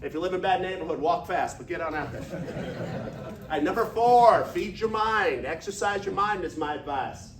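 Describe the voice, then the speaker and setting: A man in his fifties giving an energetic, folksy motivational talk to a business audience, leading them in call-and-response. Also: high voice, normal speed, a crowd in the background. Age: 50s. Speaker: business speaker. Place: large echoey meeting room. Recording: echoey room recorded from far off.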